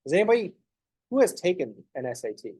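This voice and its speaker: A man's voice: high-pitched, very animated, fast talker, mellow, breathy edge, dry recording. A man, a math professor, lecturing a class in a joking, conversational way. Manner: joking, conversational, acts out students' thinking noises.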